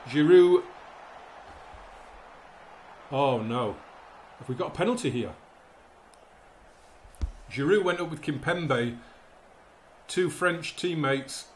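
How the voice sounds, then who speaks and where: This man, a YouTuber, calls the play of a football management game like a match commentator, anxious and excitable about the results. He speaks slowly with frequent pauses in a slightly high voice, and there's a little hiss or hum.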